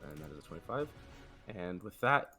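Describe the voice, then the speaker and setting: A man's voice: lowish voice, expressive, brisk, gravelly, bright, forceful tone, faint music behind. A young man narrating as dungeon master in a tabletop game, laughing often as he describes the action.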